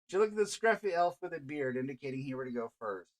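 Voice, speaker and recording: A man's voice: medium pitch, lively intonation, fairly quick. Male GM reading his visual novel aloud, casual asides, faint music under. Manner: stops to chat and laugh between narration. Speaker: game master and visual novel creator.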